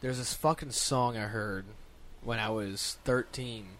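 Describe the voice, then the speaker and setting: A man chatting casually in a rambling, profane, animated way. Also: mid-range voice, unhurried, slight background noise. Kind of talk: casual podcast chat.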